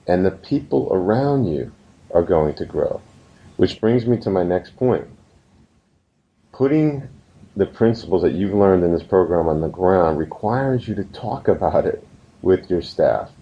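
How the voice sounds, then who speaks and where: A very low, gravelly male voice delivers a recorded course lesson in an earnest, storytelling way. He slows down to land his points. The sound is a little dull and muffled. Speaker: business course instructor.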